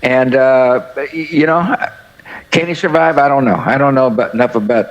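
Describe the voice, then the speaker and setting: A man in his seventies from the United States, a former head of state telling anecdotes in an interview in a folksy, halting way full of "uh" fillers. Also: medium pitch, dull audio.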